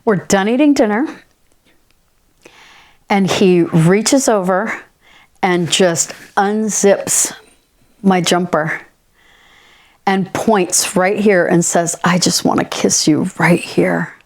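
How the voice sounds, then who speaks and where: A woman hosting her own podcast and recounting a personal experience in plain, candid terms. She talks in a lively way and slips into the voices of the people in the story as she quotes them. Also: on the low side, slow, pauses often. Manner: candid and animated, acting out quoted dialogue. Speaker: podcast host.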